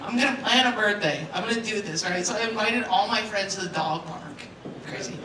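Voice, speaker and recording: A female stand-up comedian doing crowd work on a club stage, brash and profane, riffing quickly. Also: medium pitch, distant mic, noisy background. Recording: roomy club sound with a loud crowd.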